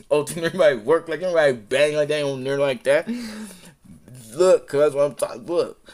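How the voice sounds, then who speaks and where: A man on a live stream, talking in a heated, profane, rambling rant that circles back and repeats itself, sometimes dropping to a low mutter. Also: fairly even intonation, measured pace, pauses often, darkish tone.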